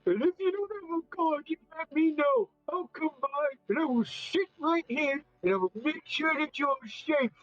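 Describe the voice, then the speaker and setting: A player voicing a huge, gentle male giant who is overjoyed and sobbing. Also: moderate pace, few pauses, no echo, highs cut off, soft background music, close to an everyday voice. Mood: earnest. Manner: sobbing, high quavering voice.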